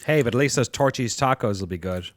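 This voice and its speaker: A man's voice: mid-range voice, fast, no room sound. A man co-hosting a podcast in a joking, playful way. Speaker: podcast co-host. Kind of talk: casual podcast banter.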